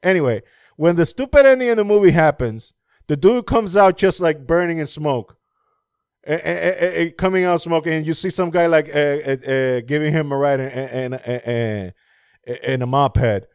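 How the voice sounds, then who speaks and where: A man's voice: fairly high pitch, moderate pace, clear, resonant tone, no echo, studio quality. A man chatting casually about movies, rambling, laughing often and swearing freely. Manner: animated when mocking movie scenes.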